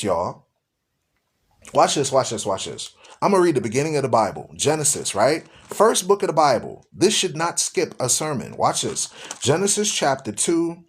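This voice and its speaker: Emphatic man, high-pitched preacher. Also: very animated, measured pace, slightly rough. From United States. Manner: emphatic, rhetorical, repeats questions. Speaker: radio show host and Bible teacher. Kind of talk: preaching talk show.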